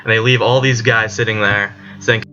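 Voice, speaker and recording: A man's voice: lowish voice, fairly even intonation, normal speed, sharp tone. A man, a student, giving a casual spoken summary of a book chapter, rambling along with many "like" fillers. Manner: rambling retelling full of "like" fillers. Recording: dull lo-fi recording with faint music.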